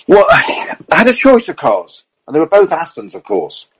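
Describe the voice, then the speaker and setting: A middle-aged man, a racing driver and co-host, telling lively anecdotes in casual chat and quoting others as he goes. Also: a little high, normal speed, noisy background. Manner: lively storyteller, quotes others, self-corrects.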